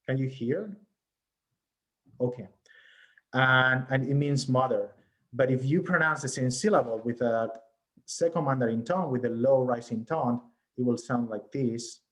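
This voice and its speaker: A man delivers an academic research lecture over a video call, with a voice of ordinary middle pitch. He explains patiently, step by step, and keeps checking that the audience is following. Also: unhurried, fairly bright tone. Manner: explanatory, often checks in with "right?". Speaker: research presenter.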